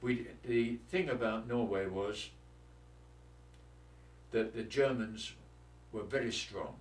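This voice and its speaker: A man's voice: on the low side, slow. A man in his eighties with a London accent, a war veteran telling blunt, salty stories in an oral history interview. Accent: London English. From London, England. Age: 80s. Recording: echoey room, distant mic, faint noise.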